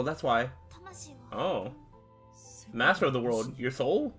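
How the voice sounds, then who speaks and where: Guy playing a game and reading all the lines out, middle pitch, stops to react, faint music behind. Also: expressive, takes it slowly, long pauses, bright, forceful tone. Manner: reads every character's lines himself, breaking off to react. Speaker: gameplay streamer. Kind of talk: reading game dialogue aloud while playing.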